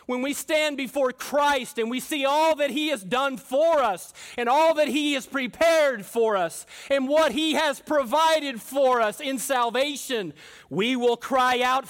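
Fervent high-voiced male preacher. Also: unhurried, fairly bright tone. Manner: fervent, emphatic preaching that addresses listeners directly. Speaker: pastor. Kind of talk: sermon.

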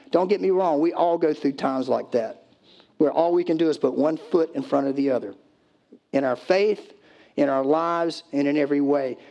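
Male pastor, slightly high voice, conversational preaching with playful acted-out voices. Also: darkish tone. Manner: conversational preaching, acts out pleading voices, loose restarts. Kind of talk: sermon.

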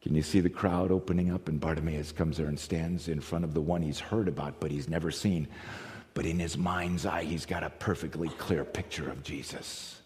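A man from the United States preaching a sermon, telling stories with animated swings from loud to hushed. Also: very deep voice, moderate pace. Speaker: pastor. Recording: long reverb of a large hall.

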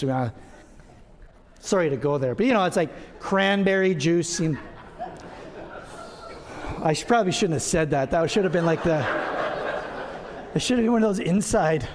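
Middle-aged male pastor, light high voice, casual self-deprecating sermon delivery, church with a long echo. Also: a little fast, long pauses. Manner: conversational, self-deprecating humor. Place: church sanctuary.

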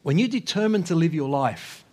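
A man preaching a sermon as pastor, impassioned, repeating phrases, swinging between loud exhortation and hushed low lines. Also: lively intonation, normal speed.

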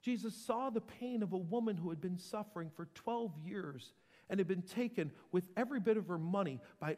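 A man preaching a sermon, dropping to a whisper and building to loud, emphatic passages. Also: high-pitched, a little fast, big-room sound. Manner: dramatic swings from whisper to loud. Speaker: pastor.

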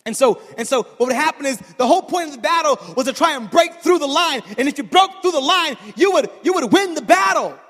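A man preaching a sermon, telling stories in a chatty way that builds to shouted peaks and calls on the crowd for an amen. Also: very high-pitched, fast, hardly any pauses, long reverb tail. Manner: storytelling, builds from chatty asides to shouted climaxes; calls for audience response.

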